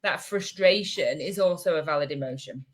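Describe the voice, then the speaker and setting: A woman's voice: low-pitched, moderate pace. A woman co-hosting a casual chat podcast, chatty with lots of fillers, now and then mimicking chirpy voices. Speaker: podcast co-host.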